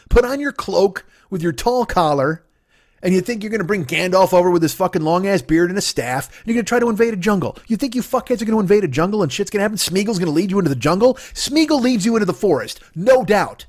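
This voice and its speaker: Fast, profane, ranting comedian man. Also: high-pitched, lively intonation, a little mellow, dry recording, clean studio sound. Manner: profane, rambling, argumentative. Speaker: comedian and podcast host. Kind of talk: solo comedic rant. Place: at home.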